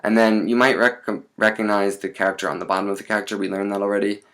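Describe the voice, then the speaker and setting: A man teaching a lesson in a relaxed, chatty way, with many fillers and asides. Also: lowish voice, quick pace.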